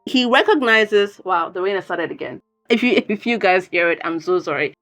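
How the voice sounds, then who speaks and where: Chatty woman recapping, laughing asides. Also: medium pitch. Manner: chatty, animated, self-interrupting with laughs. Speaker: video commentator. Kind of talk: casual spoken recap. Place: at home.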